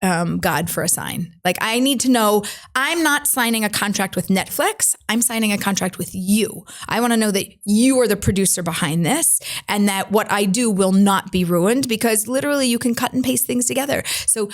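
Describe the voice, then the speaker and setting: Middle-aged woman, interview guest; animated storyteller who acts out quoted voices, mid-pitched. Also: moderate pace, few pauses.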